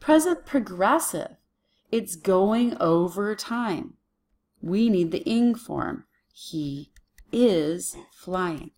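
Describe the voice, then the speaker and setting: A woman's voice: mid-range voice, lively intonation, takes it slowly, darkish tone. A woman teaching a Latin lesson to children on video, working patiently through a worksheet and talking herself through each step.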